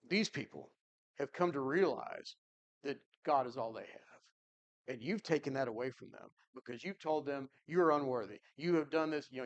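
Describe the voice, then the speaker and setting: A man teaching a Bible class in an earnest, conversational way, thinking aloud and answering his class. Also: mid-range voice.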